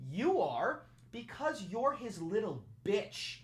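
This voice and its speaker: A man's voice: high voice, big pitch swings, takes it slowly, husky. A man livestreaming, ranting in a profane, mocking and taunting way. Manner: taunting, provocative.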